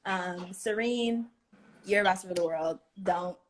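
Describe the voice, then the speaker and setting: A woman hosting a live stream chat, playful and quick to laugh. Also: on the low side, a little hiss or hum. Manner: laughs often, playful and chatty. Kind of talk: casual chat.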